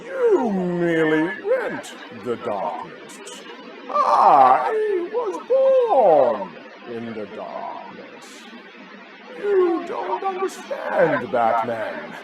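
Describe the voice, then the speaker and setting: A man putting on a menacing movie villain who drags out every word and breaks into theatrical shouts. The pitch swings hard, and a loud crowd rumbles behind on a live stage. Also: wildly swooping pitch, very noisy, full character voice. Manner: dramatic, drawn-out, shouted threats. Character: grim masked male villain, menacing and theatrical.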